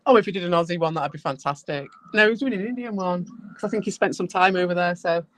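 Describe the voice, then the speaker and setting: A woman's voice: fairly low pitch, fast talker, no echo. A woman hosting a casual chat, candid and self-deprecating, who laughs often.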